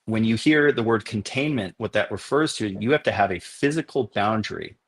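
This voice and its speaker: A man on a podcast interview, explaining things at length and telling animated stories from his filming work. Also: on the low side, a little fast. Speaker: documentary filmmaker guest.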